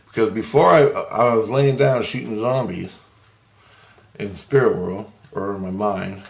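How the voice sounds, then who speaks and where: Rambling low-voiced man telling a story. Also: unhurried, vocal fry, reverberant. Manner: rambling, with restarts and repeats. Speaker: vlogger. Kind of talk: casual storytelling monologue.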